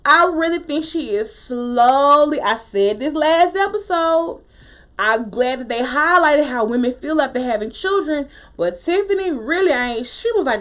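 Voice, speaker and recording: A woman casually recapping a TV episode, opinionated and animated, with slangy talk and frequent laughter. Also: sits high, a little slow. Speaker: TV show recap host.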